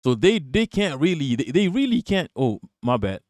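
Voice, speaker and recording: Ranting and swearing over news clips on his live stream, this man is quick to burst out laughing. His voice runs on the high side with big pitch swings and a slightly mellow quality, in a dry, clean studio recording.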